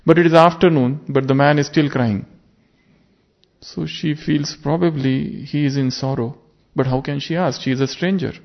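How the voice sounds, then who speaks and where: A man delivers a spiritual sermon, his voice rough with gravel. He speaks earnestly, turning his points into rhetorical questions for his listeners. The recording sounds dull and lo-fi. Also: fairly high pitch, fairly even intonation, moderate pace. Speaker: spiritual teacher. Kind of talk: sermon with parable. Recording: muffled lo-fi recording.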